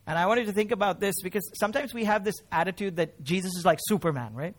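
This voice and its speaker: High male pastor, emotional sermon delivery, swells and drops. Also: quick pace. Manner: emotional, swells louder on key phrases then drops low. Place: church.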